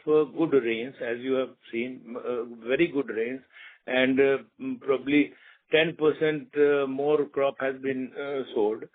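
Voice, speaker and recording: Halting executive on a phone line. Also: male voice, mid-range voice. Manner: halting, many fillers and restarts. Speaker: company executive answering analysts. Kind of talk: earnings conference call.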